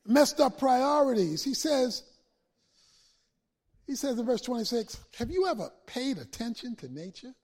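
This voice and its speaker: A man a sermon to his congregation, building from steady talk to shouted peaks and back down. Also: very high voice. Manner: preaching with swells to shouts and dramatic pauses. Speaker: pastor.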